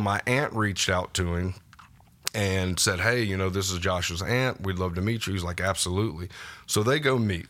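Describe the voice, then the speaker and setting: Low-voiced man telling his faith story. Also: a bit bright. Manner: informal storytelling with many fillers and restarts. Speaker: guest. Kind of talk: personal testimony in a podcast interview. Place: podcast studio.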